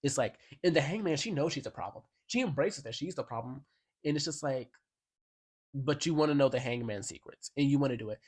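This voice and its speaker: A man's voice: mid-range voice, lively intonation, a little fast, darkish tone. A man in a casual album review vlog, talking in a sassy, slangy and emphatic way and now and then reading song lyrics aloud. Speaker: music commentator.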